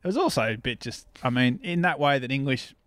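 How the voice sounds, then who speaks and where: A man's voice: medium pitch, lively intonation, fast, a bit bright, clear, resonant tone, no echo, clean studio sound. A man who writes about surfing, chatting as a podcast guest, rambling and laughing at himself as he goes. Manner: rambling, laughing, self-deprecating. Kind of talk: casual interview chat.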